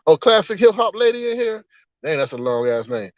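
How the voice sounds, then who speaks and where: A man with a fairly high voice hosts a casual livestream and gossips to his chat about online drama. He acts out the exchanges he quotes in an animated way. The audio is dull and lo-fi, with a dry, close sound. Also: a little fast, dry recording. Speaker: livestream host.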